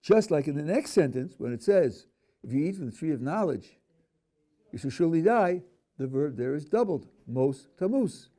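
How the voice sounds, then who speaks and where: A man's voice: a little high, animated, normal speed, mellow. A man, a rabbi, teaching a text class, reading verses aloud and then questioning them with dry humor. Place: yeshiva classroom.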